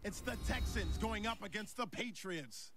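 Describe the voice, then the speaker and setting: A high-pitched game football announcer. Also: male voice, expressive, moderate pace, music in the background. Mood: upbeat. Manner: smooth announcer delivery. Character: polished male in-game football broadcaster. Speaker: video game sports announcer. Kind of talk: scripted sports broadcast commentary. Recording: game audio with loud crowd behind.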